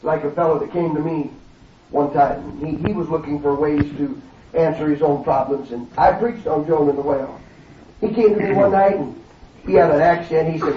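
A man's voice: fairly high pitch, normal speed, a little hiss or hum. A man preaching a fervent, folksy sermon in a church, often calling out hallelujah. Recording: distant, roomy, dull sound.

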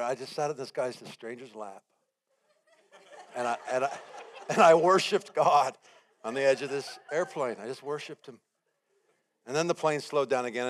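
A man gives a sermon as guest preacher, telling his story in an animated way and acting out what went through his head. He builds his points with repeated phrases that rise in emphasis. His voice sits at an ordinary middle pitch for a man. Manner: animated storytelling, acts out his own panic and quotes.

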